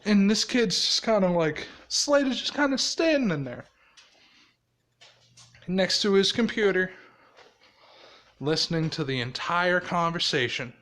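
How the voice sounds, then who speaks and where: Slow, swinging storyteller voice. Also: medium pitch, animated, fairly bright tone. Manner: rambling, swears often, laughs at own story. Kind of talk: casual storytelling of a fan scenario.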